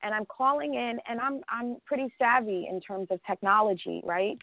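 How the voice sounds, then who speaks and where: A woman's voice: on the high side, moderate pace. A woman telling a personal story in casual conversation, rambling with many restarts and fillers and laughing often. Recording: dry phone-line sound.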